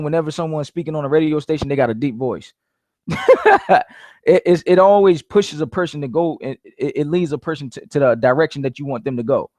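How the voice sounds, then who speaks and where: A man's voice: on the high side, a little mellow, no echo, studio quality. A man giving casual sales coaching, repeating his points emphatically and calling his listeners "guys". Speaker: network marketing coach.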